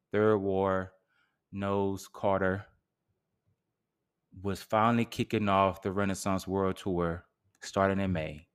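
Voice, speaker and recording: Slow, theatrical ranting man. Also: lowish voice, clear, resonant tone. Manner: theatrical, exasperated ranting with sarcastic asides. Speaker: podcast host. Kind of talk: solo podcast rant.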